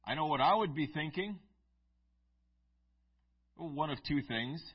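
A man's voice: on the high side, lively intonation, unhurried, breathy edge, highs cut off. A male pastor reading scripture aloud and then preaching a sermon in a conversational storytelling manner with asides to the congregation.

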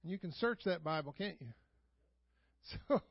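With lively intonation and a breathy edge, a high-pitched pastor preaches at a moderate pace in a church sanctuary, using casual storytelling and frequent rhetorical questions while chuckling often. The audio is dry, dull and lo-fi, with no room echo.

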